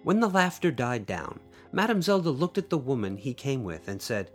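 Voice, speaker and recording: Lively-voiced man reading his story. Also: medium pitch, normal speed, soft background music. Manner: expressive storytelling, playful asides. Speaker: podcast host and author. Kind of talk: reading his own short story aloud.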